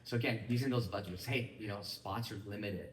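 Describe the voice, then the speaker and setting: A man in his thirties leading a casual training talk for a small group, quick and chatty, often acting out bits of dialogue. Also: lowish voice, slight background noise. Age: 30s. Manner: fast, casual, acts out quoted dialogue. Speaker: sales team leader. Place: room with a small audience. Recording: echoey room.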